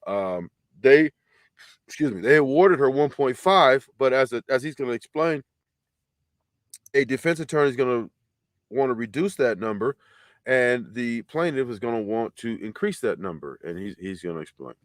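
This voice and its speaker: A man's voice: mid-range voice, animated, moderate pace, no room sound, clean studio sound. A male show host giving casual reaction commentary, laid-back and easygoing, often repeating himself.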